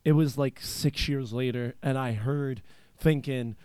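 A man's voice: medium pitch, fairly even intonation, unhurried, darkish tone, clean tone, no echo. A man from eastern Pennsylvania hosting a casual chat show, telling stories in a rambling, profane way with lots of filler words. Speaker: podcast host.

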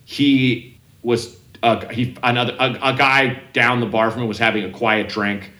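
A man's voice: mid-range voice, level tone, moderate pace, sharp tone, echoey room. A man in casual chat, telling rambling stories with many restarts and acted-out quotes.

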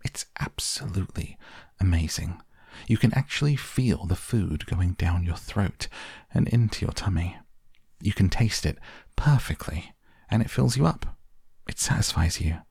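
A man's voice: sits low, expressive, measured pace, gravelly, a little mellow, husky, dry recording, studio quality, heavily acted. A man reading the part of an eccentric, proud male candy inventor, boasting grandly. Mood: boastful.

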